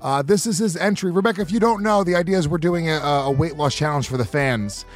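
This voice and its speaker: A man's voice: on the high side, fast, soft background music. A man co-hosting a podcast, in crude, profane, mocking comedic banter. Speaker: podcast co-host.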